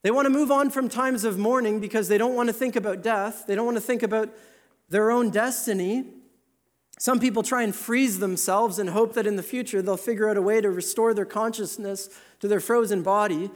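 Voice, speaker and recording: A man preaching a sermon in an earnest, emphatic way, slowing down to stress key words. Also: sits high.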